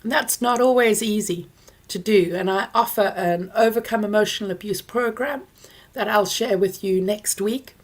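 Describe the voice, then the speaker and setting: A woman therapist answers viewer questions in a live online session. She speaks close to the mic in a calm, explanatory way, at a mid pitch, with plenty of fillers and restarts. A throat lozenge sits in her mouth as she talks. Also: moderate pace. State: talking around a throat lozenge. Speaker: therapist hosting a Q&A. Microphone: close mic near her ears.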